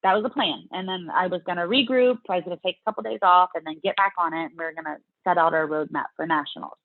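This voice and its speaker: A woman's voice: fairly low pitch, quick pace, no echo. A middle-aged woman from the US South, a guest in a casual interview, chatting and acting out her own past reactions in quotes. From Louisiana, US South. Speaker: interview guest, fitness competitor. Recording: dry, tinny phone-like line.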